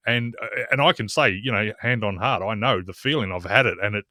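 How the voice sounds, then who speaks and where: A man's voice: medium pitch, fairly quick, hardly any pauses, pushed and bright, no echo. A man hosting a podcast, chatting casually and retelling his guest's story back to him before asking the next question. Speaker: podcast host. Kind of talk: conversational interviewing.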